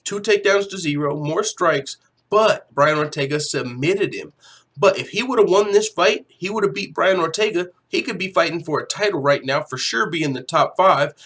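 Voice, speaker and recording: A man's voice: a little high, animated, normal speed, a bit bright. A young man hosting a casual livestream from home, talking loosely, swearing freely and reading viewers' chat aloud. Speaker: livestream host.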